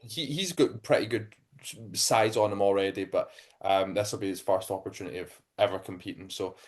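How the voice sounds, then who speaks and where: A man's voice: lowish voice, fairly quick. Hesitant Irish male coach. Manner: hesitant, many ums and restarts. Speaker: physique coach, podcast co-host. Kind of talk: casual chat.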